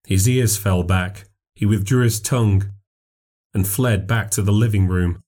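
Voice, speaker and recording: A man narrating a ghost story in a measured, steady way. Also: fairly low pitch.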